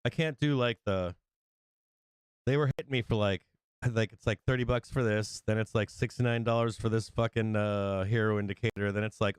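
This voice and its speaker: A man's voice: fairly low pitch, steady tone, moderate pace, clean tone, no echo. A man hosting a trading livestream, rambling and swearing often as he acts out quoted exchanges. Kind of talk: casual profane chat.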